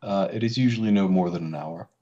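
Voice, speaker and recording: A man's voice: low-pitched, quick pace, dark tone, dull audio. A young man running a tabletop game as game master, narrating with lots of hesitant fillers.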